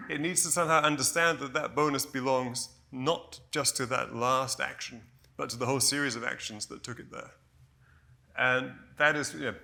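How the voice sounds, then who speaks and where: Gravelly, bright-toned male conference speaker. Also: medium pitch. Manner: measured, explanatory, with frequent "you know" and self-corrections. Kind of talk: technical conference presentation.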